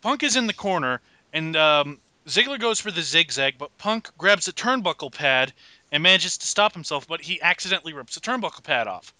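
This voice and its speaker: A man with a very bright, forward voice hosts a wrestling podcast and walks through match action step by step. His remarks are dry and sarcastic, and his voice sits a little high and close to the mic. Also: animated, brisk, no room sound. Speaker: podcast host. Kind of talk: casual wrestling recap chat.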